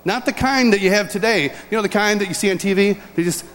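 An older man from upstate New York, preaching a sermon as a lively personal story with chuckles and restarts. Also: high-pitched, fast. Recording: long hall reverb.

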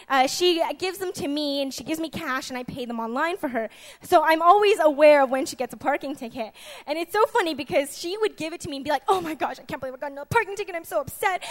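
A woman in her twenties preaching a sermon, chatty and lively, moving from soft asides to loud, laughing bursts. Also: high-pitched. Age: 20s. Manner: chatty, with many restarts and fillers.

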